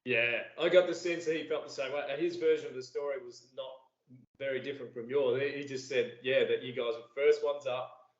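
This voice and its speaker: A man hosting a podcast in relaxed, friendly banter. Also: mid-range voice, a little fast, reverberant, lo-fi sound. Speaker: podcast host. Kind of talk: casual interview chat.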